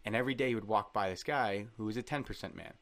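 Fast-talking man with a low voice. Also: vocal fry. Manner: rambling storyteller, lively and joking. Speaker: podcast guest. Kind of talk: casual chat.

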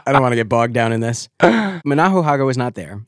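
A man's voice: mid-range voice, lively intonation, quick pace, no echo, clean studio sound. A man hosting a podcast, telling a story in a wry, self-deprecating way. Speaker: podcast host. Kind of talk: casual storytelling.

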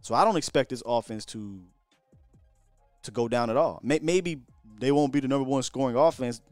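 A man hosting a live sports stream talks in an animated run, circling back and repeating himself as he works through a point. His voice is smooth and full. The sound is dry and close, with faint music behind. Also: medium pitch, normal speed, dry recording. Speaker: sports show host. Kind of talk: casual live-stream chat. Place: hotel room.

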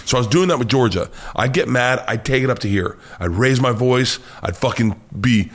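A middle-aged man telling stories as a comedian guest in a casual interview, swearing freely and acting out quotes with sudden loud outbursts. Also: medium pitch, moderate pace. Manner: animated storyteller, swears freely, acts out quotes loudly.

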